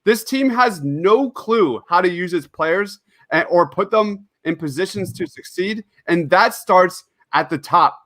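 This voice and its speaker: A man's voice: sits high, fairly bright tone, no room sound. A man co-hosting a sports podcast, ranting in an exasperated, emphatic way. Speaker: podcast co-host. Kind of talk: opinionated sports podcast rant.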